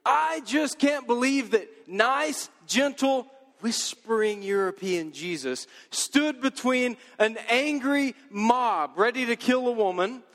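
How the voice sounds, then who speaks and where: A male pastor preaching a sermon in a casual, joking, lively way. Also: extremely high pitch, slow, big-room sound.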